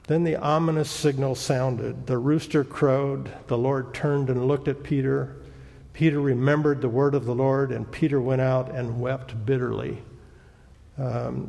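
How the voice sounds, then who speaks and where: Guy preaching, gravelly voice, slow and halting, big echoey church. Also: medium pitch, mellow. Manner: halting, reflective delivery. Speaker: pastor. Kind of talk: sermon. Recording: long church-hall reverb.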